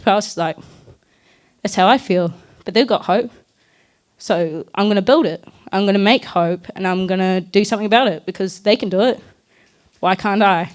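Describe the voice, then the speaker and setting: A woman's voice: medium pitch, clean tone. Candid young New woman. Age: young adult. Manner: candid and earnest, loosely chatty. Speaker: speaker at a community talk. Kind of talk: personal story talk.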